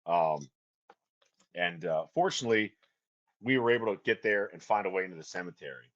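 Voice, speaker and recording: A man's voice: low-pitched, fairly quick, a bit bright, lo-fi sound. A man, a band's singer, telling a story in a casual chat, profane and laughing as he goes. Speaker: band vocalist and guest.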